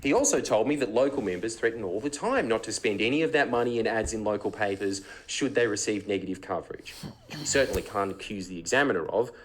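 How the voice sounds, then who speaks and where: A man's voice: lowish voice, low-quality recording. Sarcastic man ranting. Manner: mocking, rising to heated rhetorical questions. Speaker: political comedian. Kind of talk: sarcastic scripted monologue.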